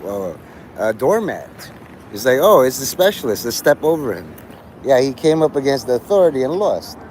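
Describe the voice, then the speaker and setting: A man's voice: medium pitch, a little mellow, slight background noise, poor audio. A man in his forties hosting a livestream, rambling casually, trailing off and restarting his thoughts. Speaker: livestream host.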